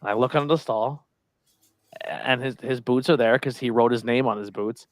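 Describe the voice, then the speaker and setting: A man's voice: medium pitch, normal speed, no echo. A man co-hosting a casual chat show, telling a long workplace prank story and acting out the voices of the people in it. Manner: animated storyteller who acts out quoted voices. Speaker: podcast co-host.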